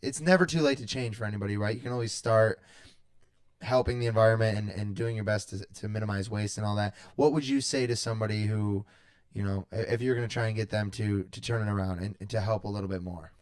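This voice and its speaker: A man's voice: fairly low pitch, fairly even intonation, fast, clean tone. A man hosting a podcast in casual chat, talking hesitantly with frequent restarts. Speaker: podcast host.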